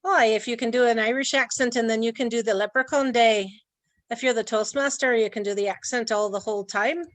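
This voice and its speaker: A woman's voice: fairly high pitch, steady tone, a little fast, no room sound. A woman presenting an online training talk in a chatty way, laughing often. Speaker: workshop presenter.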